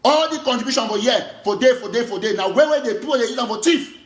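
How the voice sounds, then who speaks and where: Impassioned high-voiced Cameroonian activist man. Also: expressive, fast talker, roomy sound. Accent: Cameroonian Pidgin English. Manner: impassioned, emphatic, repetitive. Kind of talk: political monologue.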